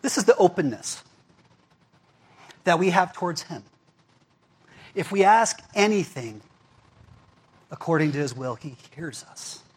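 A man's voice: a little high, animated, measured pace, long pauses, husky. A male pastor preaching a casual, conversational sermon, often checking in with "right?" and "okay?". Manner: chatty, asks the crowd "right?" and "okay?".

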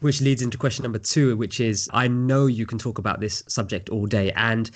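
A man's voice: medium pitch, fairly even intonation, brisk. A man hosting a casual podcast, steering the guest with structured questions. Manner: structured interviewer, framing questions. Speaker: podcast host.

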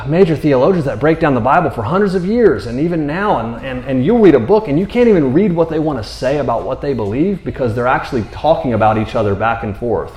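A man's voice: mid-range voice, animated, brisk, hardly any pauses, darkish tone. Earnest preaching man in an echoey room. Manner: earnest, rambling, repeats words, often asks "you know what I mean?". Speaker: Bible teacher. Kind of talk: conversational sermon. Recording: roomy echo.

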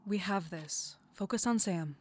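A woman acting in an audio drama with a dry, deadpan delivery. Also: mid-range voice, unhurried, a little hiss or hum, lightly acted.

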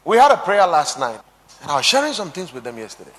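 A high-pitched man preaches fast and with wild animation, lurching from shouts to near-whispers as he quotes scripture. A long reverb surrounds his sermon, as if in a large hall.

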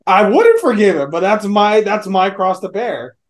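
Lively high-voiced man, swearing. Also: normal speed. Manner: animated, swears freely. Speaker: podcast co-host. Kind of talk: casual chat.

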